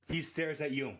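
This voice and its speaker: A man acts as game master for an online tabletop game, narrating scenes in a somewhat high voice. He laughs often and swears freely. Faint music plays behind him. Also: fairly bright tone.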